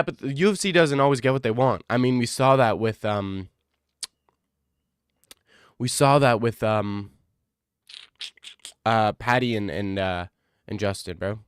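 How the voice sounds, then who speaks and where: A man streaming in casual chat, reacting to viewers, excitable and profane, often repeating himself. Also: mid-range voice, clear, resonant tone, no room sound, studio quality.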